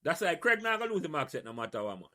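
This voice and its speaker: A Jamaican man hosting a casual podcast chat, talking in an animated, rambling way. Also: on the high side, very fast. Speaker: podcast host.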